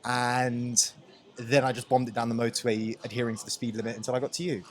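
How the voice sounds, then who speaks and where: A man's voice: mid-range voice, level tone, fairly quick. A young man co-hosting a casual podcast chat, rambling and repeating words in an upbeat way. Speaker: podcast co-host.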